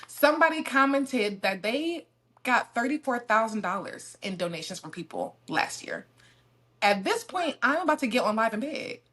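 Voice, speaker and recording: A woman in casual podcast chat, talking through her theories at length in an animated way. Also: a little high, normal speed.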